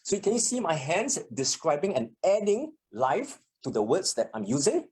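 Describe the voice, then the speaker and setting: A public speaking trainer runs a live workshop from a meeting room, with listeners also joining on a video call. The voice sits at a middle pitch but swings widely up and down. Example lines get acted out with animation. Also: normal speed. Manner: animated, acts out example sentences.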